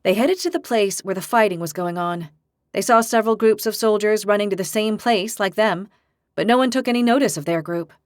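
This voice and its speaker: The scripted narration of a fantasy audiobook comes from a woman with a medium-pitched voice, reading steadily and with measured care. The sound is dry and studio-clean.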